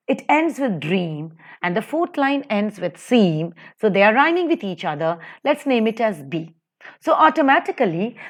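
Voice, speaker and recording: Woman teacher with an Indian English accent, bouncy rising-and-falling lecture delivery. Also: mid-range voice. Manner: sing-song stressed delivery, slow recitations of verse. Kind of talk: lecture over slides.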